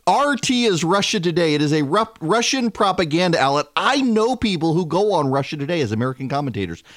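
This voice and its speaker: A man, hosting a talk radio show in an animated, wry way with frequent fillers. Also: on the high side, quick pace, dry recording, studio quality. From Louisiana. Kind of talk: opinionated talk radio monologue.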